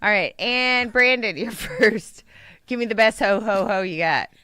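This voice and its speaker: A woman's voice: mid-range voice, measured pace, bright, forceful tone, smooth, no room sound, clean studio sound. A woman co-hosting a radio show, chatting playfully and laughing often. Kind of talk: casual chat.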